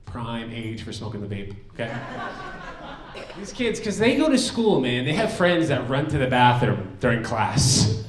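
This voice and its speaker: A young man from New Jersey doing a loud, animated stand-up comedy set in a banquet hall. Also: mid-range voice, recorded from a distance. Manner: loud, animated, puts on silly accents. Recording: echoey hall, from off the mic.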